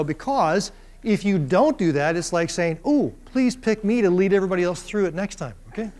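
A man giving a university Bible lecture in a jokey, lively way, with corny humor and quoted voices, and getting the class to join in. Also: high-pitched, smooth. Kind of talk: classroom lecture with audience participation.

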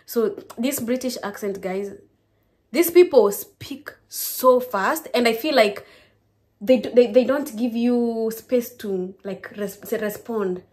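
A young Kenyan woman with a Kenyan accent, chatting to her viewers in a lively, casual vlog. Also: fairly high pitch, slow. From Kenya, Kisii. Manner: lively, keeps addressing viewers as guys. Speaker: vlogger.

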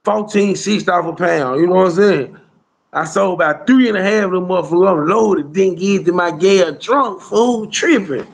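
A guest storyteller with a high, creaky voice spins a meandering street tale in casual slang, dropping plenty of "bro" and "you hear me" as he goes.

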